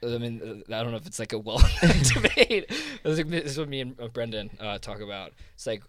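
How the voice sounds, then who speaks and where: A man's voice: mid-range voice, expressive, a little fast, a bit bright, no room sound. A man with a South Jersey accent talking casually, rambling with lots of fillers and restarts. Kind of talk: casual conversation.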